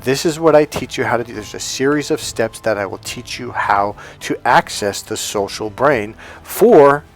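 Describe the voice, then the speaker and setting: A man coaching on dating, telling a story in an animated, emphatic casual monologue. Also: medium pitch, moderate pace, faint music behind.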